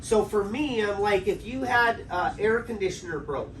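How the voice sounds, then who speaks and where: A pastor preaches in a loose, conversational way, drawing answers out of the congregation and tagging his points with "right?". His voice sits fairly high for a man. He is recorded from some distance, with faint noise underneath. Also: expressive, normal speed, fairly bright tone. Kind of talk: interactive sermon.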